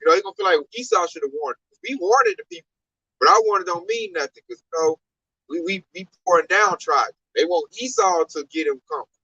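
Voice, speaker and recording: A man explaining scripture in an emphatic, colloquial preaching style, sometimes breaking into a shout, on a dull lo-fi recording. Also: high voice, big pitch swings, fairly quick, slightly rough, no room sound. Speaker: teacher expounding scripture. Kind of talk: animated street-style preaching.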